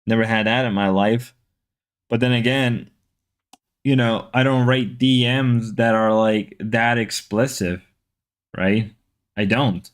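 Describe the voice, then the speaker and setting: A man's voice: medium pitch, fairly even intonation, takes it slowly, pauses often. A man hosting a casual livestream, chatting loosely and reading viewer comments, repeating himself as he rambles. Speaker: livestream host.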